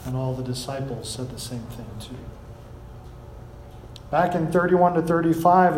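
A man's voice: on the high side, reverberant, a little hiss or hum, low-quality recording. A man preaching a sermon, reading scripture aloud and explaining it with rising emphasis. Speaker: pastor.

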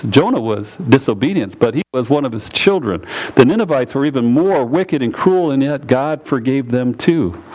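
Emphatic preacher guy, goes way up high then down low and slow. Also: darkish tone, low-quality recording. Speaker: pastor. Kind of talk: sermon.

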